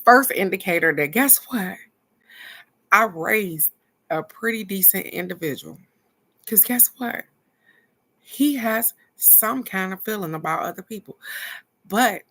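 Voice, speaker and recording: Woman host, earnest casual storyteller, low voice with a gravelly edge, speaks directly to viewers. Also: fairly bright tone. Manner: earnest, reflective, talks straight to viewers. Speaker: spiritual card-reading host.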